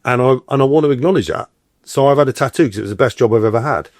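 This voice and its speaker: Lively storytelling male actor. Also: medium pitch, rapid-fire, no room sound, clean studio sound. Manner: animated, acts out quoted voices. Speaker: actor guest on a podcast. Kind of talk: casual interview storytelling.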